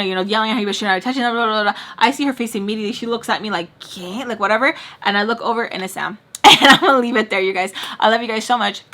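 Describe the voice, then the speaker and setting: A woman in her thirties telling a dramatic story in a casual, expressive way, full of fillers. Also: medium pitch. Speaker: storytime vlogger.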